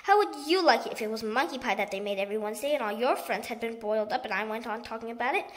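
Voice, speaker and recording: A woman voicing a polite, fussy male bird who speaks in a lower, hushed tone. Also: rapid-fire, lightly acted. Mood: prim, tired.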